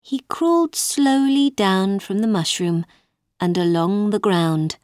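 A woman narrating a children's storybook, reading slowly, clearly and expressively. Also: medium pitch, a little mellow, no echo, clean studio sound.

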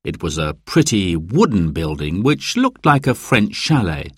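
A man reading a children's storybook aloud as narrator, in a slow, lively storytelling manner. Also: deep voice, breathy edge, no room sound, clean studio sound.

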